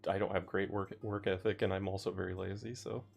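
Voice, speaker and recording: A man's voice: low-pitched, flat delivery, fast, vocal fry, husky, faint music behind. A man in a casual podcast chat, joking and self-deprecating.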